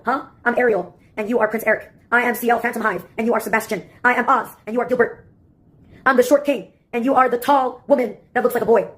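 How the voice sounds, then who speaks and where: A woman with a slightly high, husky voice rambles through a sarcastic comic monologue. She talks quickly and jumps from one topic to the next. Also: a bit bright.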